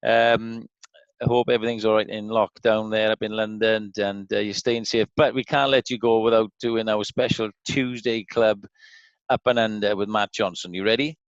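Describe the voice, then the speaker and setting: Male co-host, brisk quick-fire questions, dry dull sound. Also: on the low side, flat delivery, dry recording. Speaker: podcast co-host.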